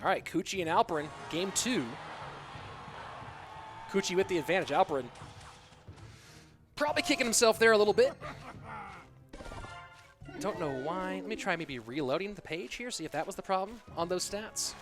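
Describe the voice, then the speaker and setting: A man casting a video game tournament on a live stream, chatty and excitable, talking to his chat between matches. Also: high voice, normal speed, long pauses. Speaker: esports caster. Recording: music bed behind voice.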